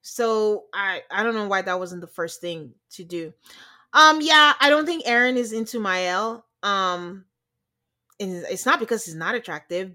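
An American woman co-hosting a casual chat, recapping a reality show in an animated way and acting out quotes. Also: mid-range voice. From United States. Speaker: podcast co-host.

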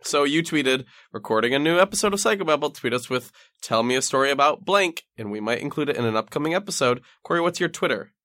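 A young man with a fairly high voice co-hosts a podcast, teasing and reacting quickly between laughs. His delivery is animated, with pitch leaping up and down. The recording is dry and close-miked. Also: dry recording. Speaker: podcast co-host. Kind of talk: casual comedic chat.

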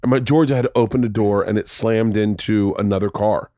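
A man's voice: lowish voice, fairly quick, warm tone, no echo. Rambling storytelling man, dry close sound. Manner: rambling storyteller, swears casually. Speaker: podcast host. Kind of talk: casual chat.

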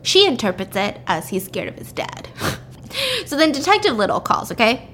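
A woman's voice: fairly high pitch, sing-song, moderate pace, fairly bright tone, slight background noise. A woman casually retelling a story, acting out the characters' lines and saying "like" and "right?" often. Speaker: podcast co-host recapping a story. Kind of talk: casual chat, retelling a plot.

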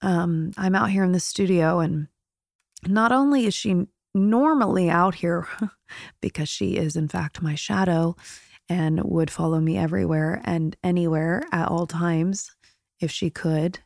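Gravelly low-voiced woman host. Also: a little mellow, dry recording, studio quality. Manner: tearful, halting, emotional. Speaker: podcast host. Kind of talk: solo intro monologue. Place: recording studio.

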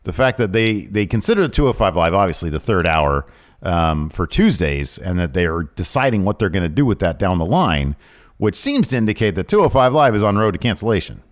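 Low-voiced man with a lively delivery. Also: brisk. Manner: reads previews in a hyped announcer voice, then chats loosely. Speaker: podcast host. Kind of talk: casual chat.

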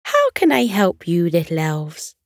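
A woman voicing a cheerful, kind snow woman in a high-pitched voice, in a bedtime story. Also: big pitch swings, slow, darkish tone, no echo, clean studio sound, heavily acted.

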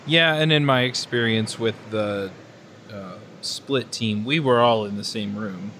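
A man talking through his team experience on a tech podcast in a relaxed, thoughtful way, often pausing with fillers. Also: lowish voice, a little hiss or hum. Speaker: podcast panelist. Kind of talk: casual technical discussion.

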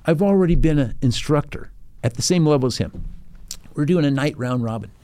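Older retired naval officer, podcast guest; lively raconteur, voices others in his stories, slightly high pitch. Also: a little fast. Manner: animated storyteller, acts out quotes, laughs often. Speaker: retired Navy captain, guest. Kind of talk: storytelling in a podcast interview.

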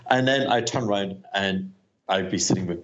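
A man telling a casual anecdote, chuckling and animated. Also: low voice, moderate pace, lo-fi sound. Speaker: recorded guest question.

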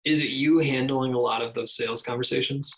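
A man's voice: medium pitch, steady tone, a little fast, fairly bright tone, poor audio. A man hosting a podcast interview, asking short, business-minded questions and adding brief affirmations. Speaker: podcast host.

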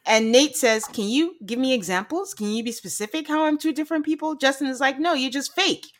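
A woman's voice: high-pitched, fairly quick. A woman co-hosting a podcast, recapping a reality show in casual chat, laughing often and acting out quotes. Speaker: podcast co-host.

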